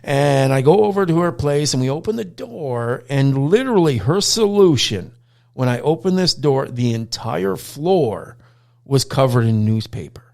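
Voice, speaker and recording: Brief: middle-aged male host, gravelly voice, animated storyteller, casual chat. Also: mid-range voice, normal speed. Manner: animated storyteller, acts out quotes, swears. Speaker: podcast host, dog trainer.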